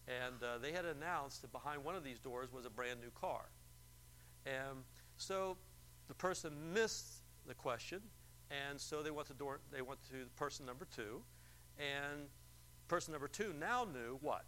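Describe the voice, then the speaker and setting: A man's voice: medium pitch, measured pace, sharp tone, a little hiss or hum, rough recording. A male preacher telling a story in a church service and firing rhetorical questions at the congregation. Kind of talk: sermon.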